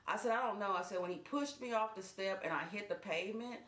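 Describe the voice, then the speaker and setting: Animated woman, echoey room. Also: mid-range voice. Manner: animated, fast bursts when retelling action. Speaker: storyteller. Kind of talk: casual storytime vlog.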